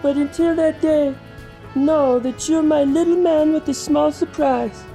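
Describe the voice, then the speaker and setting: A cryptic, self-important eccentric holds forth in a high, mellow voice, as a man acts him out. He drawls his lofty proclamations slowly and mockingly. The sound is roomy, with faint music underneath. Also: fairly even intonation. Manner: dramatic, slow, mocking proclamations. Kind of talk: mockumentary comedy acting. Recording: echoey room with faint music.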